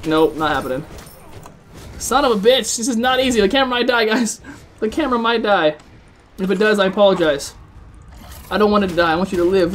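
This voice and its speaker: A man hosting live gameplay commentary, excitable, swearing often and chatting to his viewers. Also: high voice, brisk, pauses often, slight background noise. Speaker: gaming video host.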